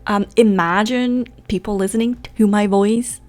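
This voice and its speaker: A woman's voice: mid-range voice, fairly even intonation, moderate pace, a little mellow, soft background music. A young woman whose first language is Dutch, chatting casually as a gaming YouTuber, rambling and self-deprecating. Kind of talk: casual chat.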